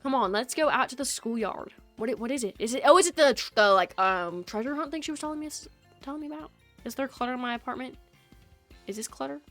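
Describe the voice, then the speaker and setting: A woman's voice: sits high, fast talker, a bit bright, soft background music. A woman game streamer chatting casually in her bedroom, rambling and self-deprecating. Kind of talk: casual live-stream chat. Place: small bedroom. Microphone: streaming setup.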